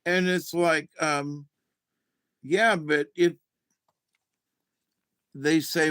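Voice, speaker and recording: A man's voice: on the high side, steady tone, extremely slow, long pauses, a bit bright, clean tone, no room sound. A man talking in a rambling, casual monologue to his camera, losing his train of thought, chuckling and swearing offhandedly. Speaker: vlogger.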